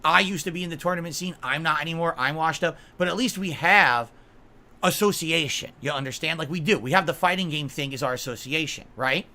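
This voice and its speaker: A man's voice: fairly high pitch, a little fast, pushed and bright. A man on a livestream, ranting in an aggrieved, emphatic way, swearing and asking his viewers "right?" again and again. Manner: aggrieved, repeatedly asks "right?" and "okay?". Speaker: streamer.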